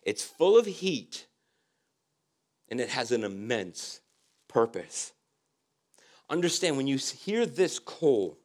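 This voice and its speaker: A male pastor preaching a sermon, with emphatic repeated phrases that often drop to soft, low tones.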